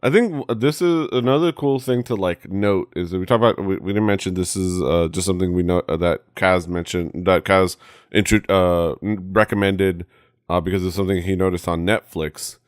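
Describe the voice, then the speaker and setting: A man co-hosting a casual podcast chat, halting with many restarts. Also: clean tone, no echo, clean studio sound. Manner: halting, many restarts, jumps into high mimicry. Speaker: podcast co-host.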